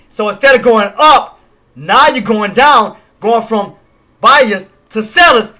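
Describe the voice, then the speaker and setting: A man hosting a live trading stream, hyped and slangy, shouting and laughing between chart calls. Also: extremely high pitch, expressive, takes it slowly.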